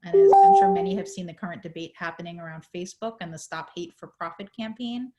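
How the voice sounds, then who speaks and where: A woman on a video call explaining a legal case in a panel talk, measured, with many fillers, her voice going hoarse. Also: lowish voice, big pitch swings, dark tone. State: losing her voice. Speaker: legal advocate in a panel discussion.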